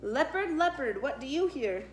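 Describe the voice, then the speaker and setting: A woman's voice: high voice, animated, normal speed, echoey room. A woman reading picture books aloud to preschool children in a sing-song, playful way. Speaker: preschool story-time reader.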